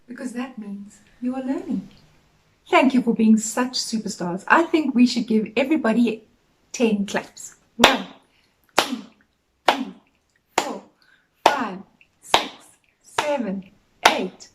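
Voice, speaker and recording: A middle-aged woman teacher talks to young children in a gentle, sing-song way, sharing an assembly message and a story. Her voice sits on the high side, and she takes her time with each phrase so the little ones can follow. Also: poor audio.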